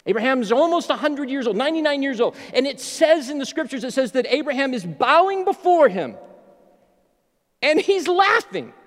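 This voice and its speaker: A middle-aged man preaching a sermon as a pastor, an animated storyteller who jokes his way through. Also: extremely high pitch, moderate pace, in a large hall.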